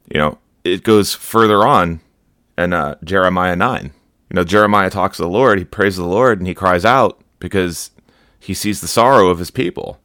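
A man with a very low voice gives an earnest, warning talk on his podcast. He preaches in a loose, unscripted way and keeps dropping "you know" between thoughts. The sound is dry and close, with no room in it. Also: fairly bright tone, no echo. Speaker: podcast host. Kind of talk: informal preaching commentary.

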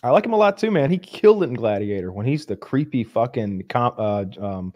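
A man's voice: mid-range voice, very animated, brisk, a little mellow. Rambling, swearing man in casual chat. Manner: rambling storyteller, swears freely.

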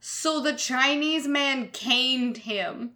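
Bright-voiced woman, animated and profane. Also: high-pitched, very slow. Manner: animated retelling with frequent swearing. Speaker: podcast co-host. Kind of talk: casual chat.

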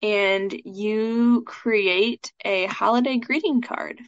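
Woman as a talkative scholarship coach, mid-pitched, casual, lo-fi dry recording. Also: slow, clear, resonant tone, no echo. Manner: chatty, fills speech with "like" and "um". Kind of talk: live coaching session, casual chat. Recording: dull lo-fi sound.

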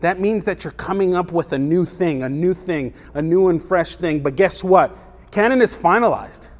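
A man's voice: sits high, expressive, moderate pace, in a large hall. A man preaching a sermon as pastor, conversational and emphatic, firing off rhetorical questions.

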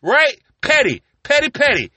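A man's voice: very high-pitched, huge pitch swings, normal speed, sharp tone, no echo. A man hosting a podcast from his car, rambling casually and profanely, constantly asking "you know what I'm saying". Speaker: podcast host.

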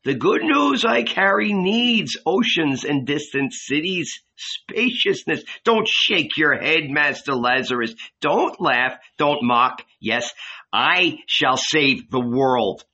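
A zealous young preacher with a high, cracked voice proclaims with burning fervour, as a man reads him in an audiobook. The tone is bright and forward. The recording sounds slightly muffled. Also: lively intonation, takes it slowly, full character voice. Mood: proclaiming. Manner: fervent, proclaiming. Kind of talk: audiobook reading.

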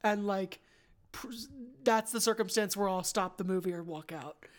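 A woman co-hosting a podcast, talking casually about a film, earnest and emotional, halting when moved. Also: mid-range voice. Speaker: podcast co-host. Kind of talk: casual film review chat.

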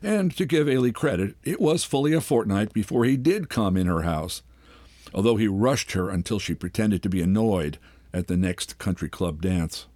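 An older man, reading a short story aloud in a measured, unhurried way. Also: lowish voice, animated, darkish tone, no room sound. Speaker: host and reader. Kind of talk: literary reading.

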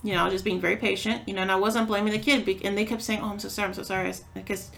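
Fast-talking woman with a gravelly voice. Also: medium pitch, level tone, a bit bright. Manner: storytelling with acted-out quotes, swears freely. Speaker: podcast co-host. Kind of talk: casual chat.

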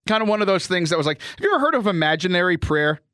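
Man, podcast co-host, casual chat, self-deprecating, bronchitis, bright, dry sound. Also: sits high, racing, clean tone, dry recording. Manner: self-deprecating, laughs often, animated. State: has bronchitis. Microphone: remote call mic.

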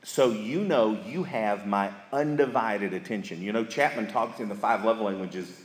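A man's voice: fairly low pitch, normal speed. Folksy man in an echoey hall. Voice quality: folksy, storytelling with emphatic repetition. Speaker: marriage seminar speaker. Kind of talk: church seminar talk. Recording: echoey hall with live audience.

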